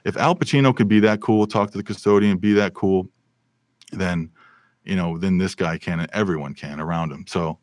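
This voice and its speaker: A man's voice: sits low, normal speed, dry recording. A man, a film and television sound mixer, telling stories animatedly in a casual podcast interview. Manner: animated storyteller with many fillers and restarts.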